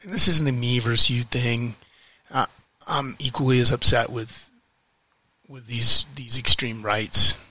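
Heated, swearing man with a bright raspy voice. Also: medium pitch, fairly even intonation. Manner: heated, swearing, repeats phrases, emphatic pauses. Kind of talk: frustrated political rant to camera.

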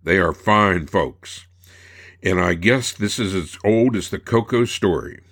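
A man narrating, reading old personal letters aloud in a measured, unhurried way. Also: low voice, animated, a bit bright.

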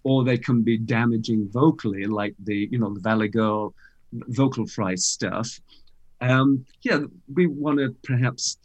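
Man hosting an interview, middle pitch. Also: unhurried, dull audio. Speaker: interview host. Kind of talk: interview conversation.

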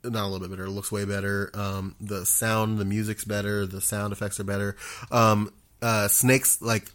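Casual male podcast guest, lowish voice, halting delivery. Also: flat delivery, a bit bright. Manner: hesitant, many ums and restarts. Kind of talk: casual chat.

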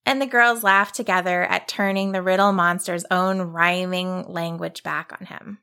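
A woman narrating a children's story in a gentle, unhurried way. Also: on the low side, steady tone, clear, resonant tone.

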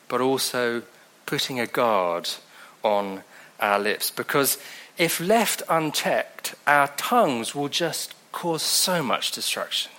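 A man preaching a sermon in a conversational way, with wry asides and slow scripture reading. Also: mid-range voice, pushed and bright.

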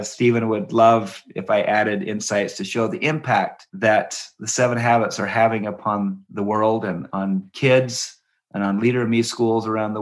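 Animated middle-aged man telling stories. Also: fairly low pitch. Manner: animated storyteller, acts out quoted voices with laughs. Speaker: guest, education company president. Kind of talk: conversational interview.

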